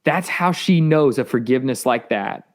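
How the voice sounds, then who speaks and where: A man earnestly telling a personal testimony in an interview, halting and repeating words, his voice rising as he gets intense. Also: medium pitch, lively intonation. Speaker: guest sharing testimony.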